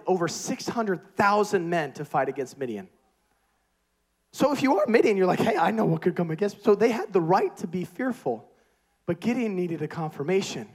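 A man preaching a sermon with energetic, emphatic repetition. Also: high-pitched.

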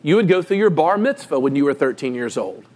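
Animated high-voiced male preacher. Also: fairly quick. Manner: animated, emphatic storytelling with sudden pitch jumps. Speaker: pastor. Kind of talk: sermon.

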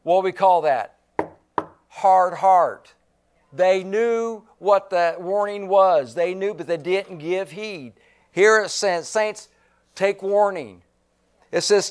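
A male pastor preaching a sermon, slow and emphatic, repeating key phrases and clearing his throat now and then. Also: sits high.

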